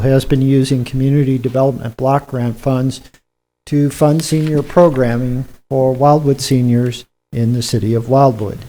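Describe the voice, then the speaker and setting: A man giving a staff report to a council in a measured, formal way. His voice is mellow and warm, at a middle pitch. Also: low-quality recording. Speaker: city planning director.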